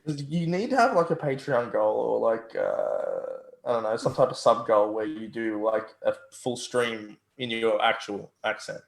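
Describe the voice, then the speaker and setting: Gravelly low-voiced man playing a tabletop game. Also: very animated, unhurried, reverberant. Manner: laid-back, hesitant when planning. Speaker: player. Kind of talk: casual tabletop game play.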